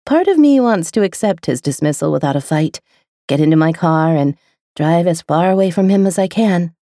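A woman reading a first-person romance audiobook with an intimate, expressive delivery. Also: lowish voice, moderate pace, dry recording, clean studio sound. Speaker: audiobook narrator.

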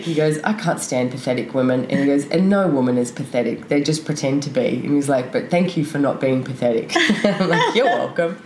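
A woman with a low, deep voice talks candidly as a podcast guest. She rambles through her thoughts with plenty of fillers. The room is echoey, with a faint hiss behind her. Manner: open, frank, rambling with many fillers. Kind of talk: candid conversational interview.

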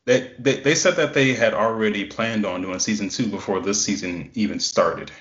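A man with a fairly low voice chats about a TV series on a podcast, often stumbling and restarting his sentences. His voice comes through a roomy space with a slightly dull, lo-fi sound. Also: moderate pace, a bit bright. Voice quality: hesitant, stammering restarts. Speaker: podcast co-host. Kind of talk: casual TV review chat.

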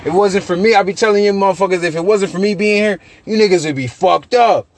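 A young man, a podcast host telling profane, animated stories with loose repetitions. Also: sits high, fast talker, slight background noise. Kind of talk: casual chat.

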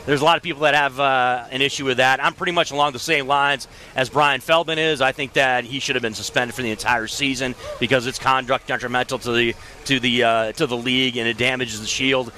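A man's voice: mid-range voice, fairly even intonation, brisk, bright, forceful tone. A man co-hosting a live talk show outdoors, offhand and teasing. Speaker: co-host. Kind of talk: casual live broadcast chat. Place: outdoor pool at a Las Vegas club.

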